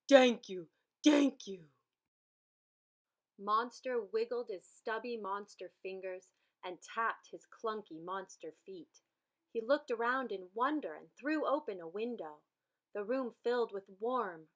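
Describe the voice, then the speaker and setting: This is a woman at medium pitch and a measured pace, bringing a children's picture book to life with expressive storytelling as she reads it aloud.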